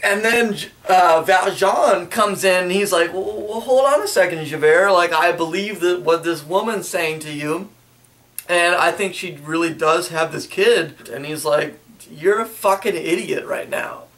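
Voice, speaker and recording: A man's voice: high-pitched, a little slow, a bit bright, distant mic. A young man crudely retelling a story in casual chat, rambling and sometimes mimicking the characters.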